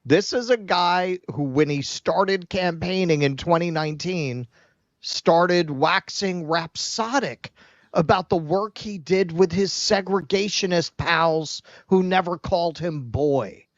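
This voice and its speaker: A man's voice: sits high, slow, no echo. A man co-hosting a political commentary show, ranting in a heated, sarcastic way with swearing and stammered starts. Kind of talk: casual political commentary rant. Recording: dull, muffled lo-fi mic.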